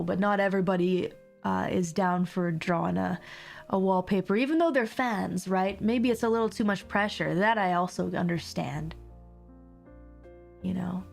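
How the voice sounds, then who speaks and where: Chatty woman streamer with a gravelly edge. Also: mid-range voice. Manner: rambling, chatty, laughs often. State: mild sore throat. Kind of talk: casual livestream chat.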